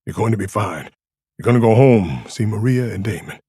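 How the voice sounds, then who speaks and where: A man voicing a tough, steady male police detective who speaks firmly. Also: on the low side, a little fast, breathy edge, no echo, studio quality. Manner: firm, clipped.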